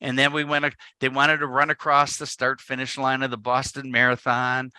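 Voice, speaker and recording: A man's voice: mid-range voice, monotone, normal speed, sharp tone, clean tone, no echo. A man, a photographer, giving a live talk to an audience and telling a playful story that he acts out in little dialogues. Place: event space.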